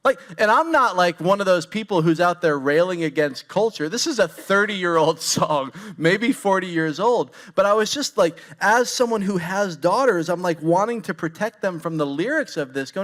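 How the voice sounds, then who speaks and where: Pastor, male, 40s, high-pitched; relaxed, candid storytelling preaching that addresses the room directly. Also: normal speed, hardly any pauses. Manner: candid, storytelling, talks straight to the congregation. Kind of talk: conversational sermon.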